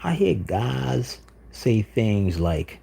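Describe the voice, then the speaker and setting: A man's voice: on the low side, sing-song, extremely slow, gravelly, mellow, husky. A man hosting a livestream, delivering an insistent, repetitive monologue with frequent "you know what I'm saying.". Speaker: livestream host.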